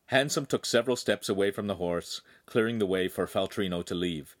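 A man's voice: on the low side, moderate pace, few pauses, no echo, studio quality. A man reading a young adult novel aloud as the narrator, telling an action scene vividly. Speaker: audiobook narrator. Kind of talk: scripted narration.

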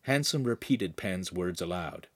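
A man narrating a young adult novel with animated storytelling. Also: sits low, unhurried. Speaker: audiobook narrator. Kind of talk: scripted narration.

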